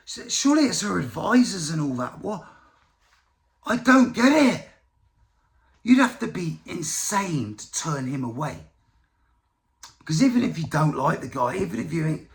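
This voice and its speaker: A UK vlogger with a slightly high, gravelly voice delivers political commentary that's casual, profane and rambling.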